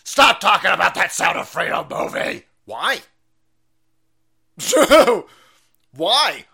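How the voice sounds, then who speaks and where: A middle-aged man hosting a livestream, ranting in a loud, foul-mouthed, rambling way and laughing easily. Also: high voice, very animated, takes it slowly, creaky, slightly rough. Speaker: stream host. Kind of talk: profane ranting livestream monologue.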